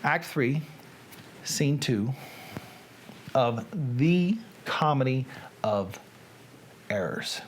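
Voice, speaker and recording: A middle-aged man with a Southern American accent hosts a casual livestream, mixing chat with dramatic reading. His medium-pitched voice is animated, his delivery folksy, playful and drawn out, with slight background noise.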